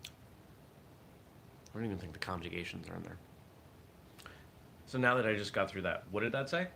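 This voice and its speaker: A man's voice: low-pitched, moderate pace, creaky, pushed and bright, a little hiss or hum. A man hosting a live morning show, talking in a reflective, think-aloud way. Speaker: host of a martial arts morning show. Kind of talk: casual morning livestream talk.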